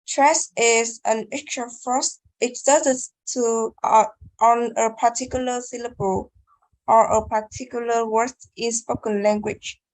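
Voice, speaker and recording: A woman's voice: fairly high pitch, steady tone, measured pace, a little mellow, no echo, poor audio. A young woman giving a class presentation, reading carefully with hesitations and restarts. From Vietnam. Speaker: student presenter. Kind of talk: class presentation on word stress.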